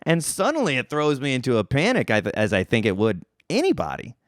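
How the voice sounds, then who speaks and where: A man hosting a podcast, telling a story in a casual, self-mocking way and jumping up in pitch for emphasis. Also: huge pitch swings, a little fast, no echo, studio quality. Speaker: podcast host.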